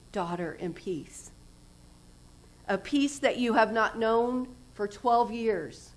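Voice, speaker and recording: A woman's voice: medium pitch, poor audio. Earnest woman preaching, dropping to whispers. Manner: earnest, drops to soft whispers for emphasis. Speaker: guest speaker, recovery house director. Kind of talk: sermon. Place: church.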